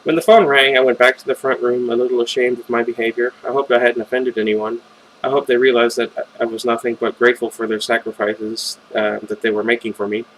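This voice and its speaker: A man's voice: medium pitch, little pitch movement, a little fast, rough recording. Amateur male reader narrating a fan novel in first person; informal, with stumbles and off-script asides. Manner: stumbles and makes chatty side comments. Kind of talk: reading a fan novel aloud with casual asides.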